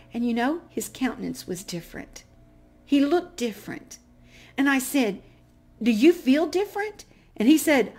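A middle-aged woman hosting a vlog, telling a personal faith story and acting out the dialogue, her voice swinging from hushed to loud and excited. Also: mid-range voice. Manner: animated, gets loud and excited retelling dialogue. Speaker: vlog host.

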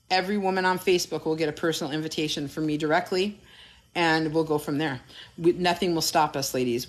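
A middle-aged woman coaching and telling stories on a phone live stream, blunt and profane. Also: low voice. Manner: blunt, profane, animated storyteller. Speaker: health coach. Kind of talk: casual TikTok live chat.

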